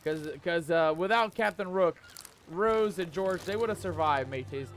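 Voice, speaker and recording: Music runs under a high-pitched man speaking at normal speed. He provides live commentary on a pirate game he's streaming, reading the chat aloud and playing around with pirate slang.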